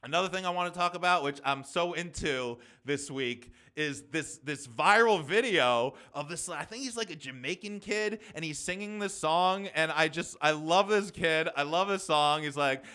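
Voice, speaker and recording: A young man hosting a solo podcast, talking fast and rambling with lots of fillers and restarts. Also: high-pitched, animated, pushed and bright, clean tone. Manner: fast, rambling, talks quickly with many fillers. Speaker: podcast host.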